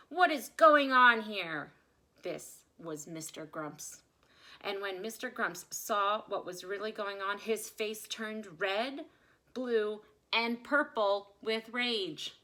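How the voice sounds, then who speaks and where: A woman reading a children's picture book aloud with expressive, dramatic delivery. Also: mid-range voice. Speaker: storyteller.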